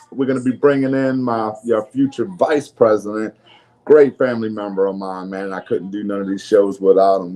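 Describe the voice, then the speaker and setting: Warm-toned and medium-pitched, this New Orleans-area man hosts a casual podcast in his local accent. He talks loosely, laughs, swears freely and restarts often.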